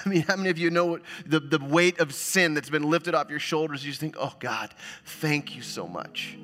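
A man preaching a sermon as pastor, swinging between loud exclamations and soft, hushed lines. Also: mid-range voice. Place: church sanctuary.

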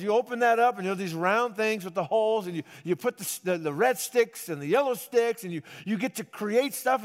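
A man preaching a sermon, conversational and repetitive, calling on the congregation to respond. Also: sits high. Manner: conversational, repeats and restarts, calls for congregation response. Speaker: pastor. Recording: reverberant hall.

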